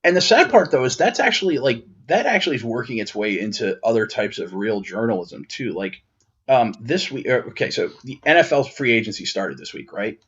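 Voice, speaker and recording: A man co-hosting a pop-culture podcast in casual chat, rambling with lots of restarts and fillers and getting excited when riled. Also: mid-range voice, fairly quick, husky, muffled recording. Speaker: podcast co-host.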